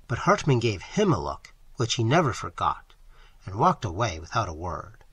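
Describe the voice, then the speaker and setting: Expressive male audiobook narrator. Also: fairly low pitch, moderate pace, breathy edge, no room sound. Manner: expressive, dramatic reading.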